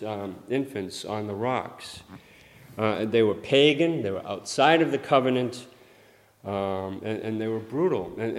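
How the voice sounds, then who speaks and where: A man delivering a sermon, halting and repeating words, with a louder voice whenever he quotes scripture. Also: mid-range voice. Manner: halting, repeats words often, swells in volume on quoted verses. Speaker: preacher. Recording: long hall reverb.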